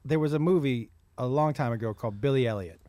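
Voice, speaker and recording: A man in casual chat, joking and telling animated stories. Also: medium pitch, quick pace.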